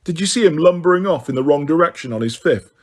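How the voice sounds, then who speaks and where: A boastful, cheerful teenage boy chatters away, as a male audiobook reader puts him on. The voice is brighter and higher than the narration. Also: animated, fast talker.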